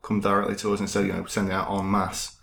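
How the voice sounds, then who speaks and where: A man co-hosting a comedy podcast, making dry, low-key asides in casual chat. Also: completely flat delivery, very fast, creaky, fairly bright tone, slight background noise. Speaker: podcast co-host.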